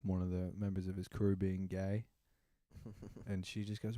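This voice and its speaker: A man's voice: deep voice, little pitch movement, measured pace, long pauses, dark tone, no room sound. A man co-hosting a podcast, rambling casually with lots of fillers and swearing. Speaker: podcast co-host. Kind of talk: casual chat.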